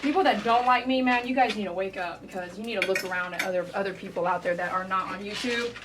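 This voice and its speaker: A woman's voice: mid-range voice, fast talker, noisy background. A woman dog groomer talking casually and with feeling while she works, often saying "man". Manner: emotional, heartfelt, says "man" often. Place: grooming salon.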